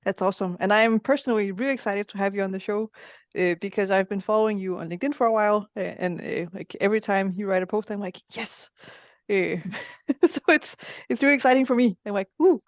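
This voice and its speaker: A woman's voice: mid-range voice, fast, dry recording, studio quality. A woman co-hosting a podcast, chatty and enthusiastic as she talks with her guest. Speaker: podcast co-host. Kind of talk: casual chat.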